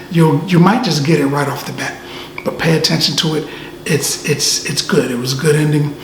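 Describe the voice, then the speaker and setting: A man giving a casual movie review, easygoing and animated, often tacking "man" onto his sentences. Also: a little high. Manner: laid-back, says "man" often, animated asides. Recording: echoey room, faint ambient noise.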